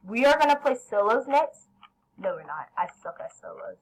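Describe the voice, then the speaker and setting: A woman commentating her own gameplay, excitable, yelling at teammates and then apologizing. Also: on the high side, normal speed, rough recording. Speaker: gaming channel host.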